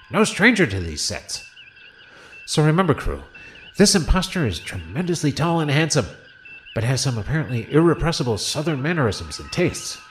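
A man voicing a fretful, scatterbrained male politician aboard a starship in a comedy audio play. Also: fairly high pitch. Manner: whiny, rambling, easily distracted. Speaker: voice actor.

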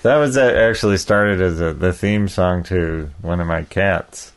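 A man with a fairly low voice hosts a podcast in casual chat. He jokes sarcastically and laughs often between lines. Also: a little slow. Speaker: podcast host and songwriter.

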